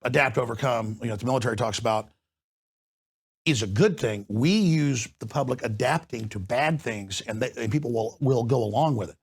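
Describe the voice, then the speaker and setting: Gravelly man hosting with fervor. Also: mid-range voice, lively intonation. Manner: forceful, emphatic, rapid-fire delivery. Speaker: host. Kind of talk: heated talk-show discussion.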